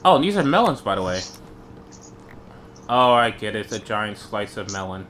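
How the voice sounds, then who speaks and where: A man's voice: lowish voice, very animated, moderate pace, fairly bright tone. A young man chatting casually while playing a video game, joking and easily startled. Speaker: gamer. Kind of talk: casual gameplay chat. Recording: faint background noise.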